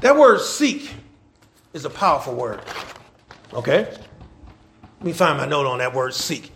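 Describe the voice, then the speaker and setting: A man, a pastor preaching a sermon in a church, repeating phrases and building to shouts. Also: medium pitch, very animated, a little slow, slight background noise. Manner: repetitive call-and-response preaching, swelling to shouts.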